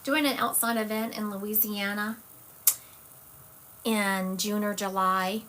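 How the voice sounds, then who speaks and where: A woman's voice: mid-range voice, steady tone, slow, fairly bright tone. A woman with a Southern US accent, a psychic medium chatting casually and rambling on a live stream. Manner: chatty, rambling, self-correcting.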